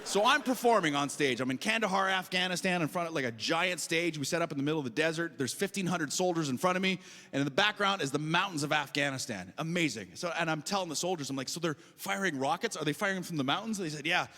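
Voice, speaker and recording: A man's voice: a little high, lively intonation, fast talker, sharp tone, big-room sound. A man from Canada doing live stand-up on a comedy festival stage, telling stories in a chatty way and often asking the crowd "right?".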